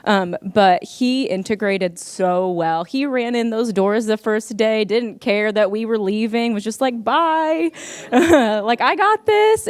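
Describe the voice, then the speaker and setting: A woman's voice: mid-range voice, darkish tone, clear, resonant tone, no room sound, studio quality. A young woman speaking to an audience as a parent, in an earnest, heartfelt personal speech with frequent ums.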